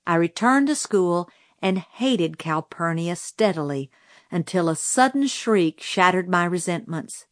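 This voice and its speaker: A woman narrating a novel aloud in a measured storytelling manner on a close microphone. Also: on the low side, animated, dry recording. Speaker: audiobook narrator. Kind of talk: scripted narration.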